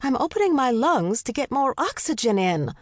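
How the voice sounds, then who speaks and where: A woman's voice: high-pitched, very animated, moderate pace, no echo, clean studio sound, voice pushed up. A woman narrator voicing Jane, a mother protesting as she pedals uphill. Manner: raised, protesting. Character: Jane, a mother out of breath on a bike.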